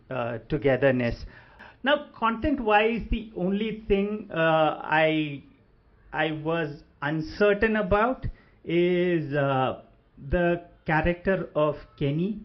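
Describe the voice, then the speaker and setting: A man giving a casual spoken movie review, pausing often and restarting his sentences. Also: on the high side, muffled recording. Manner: hesitant, many fillers and restarts. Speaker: film reviewer.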